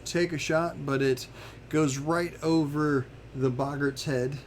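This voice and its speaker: A man narrating a tabletop game as game master, halting now and then with fillers as he describes the action. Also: fairly high pitch, fairly even intonation, a little hiss or hum.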